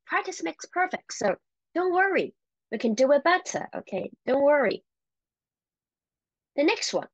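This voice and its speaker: A woman teaching a Chinese language lesson, encouraging and repeating words slowly for learners. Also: mid-range voice, no echo, lo-fi sound.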